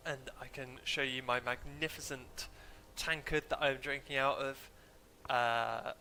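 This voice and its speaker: Sniffling with hay fever, a young man from England drones on chattily while streaming a game, often poking fun at himself. He speaks at a measured pace in a mid-range voice that is pushed and bright, with fairly even intonation. He uses a desk mic that gets muted from time to time.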